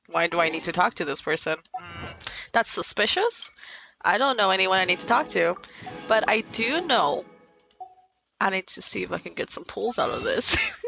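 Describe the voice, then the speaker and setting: A woman streaming a video game, chatting casually and excitably to herself and her viewers, swearing freely. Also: lowish voice, vocal fry, a little hiss or hum. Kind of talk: casual gaming stream commentary.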